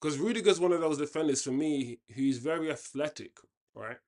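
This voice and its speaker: A man's voice: on the high side, fairly quick, darkish tone. A man hosting a football watchalong, talking casually and giving opinionated commentary with frequent restarts. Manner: chatty, opinionated, often restarts sentences. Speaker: watchalong host.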